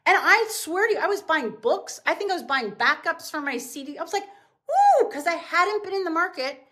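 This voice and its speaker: A middle-aged woman, a business owner guest on a podcast, telling casual stories and acting out quotes with big jumps in pitch. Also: lively intonation, a little fast, pushed and bright. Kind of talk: casual storytelling in an interview.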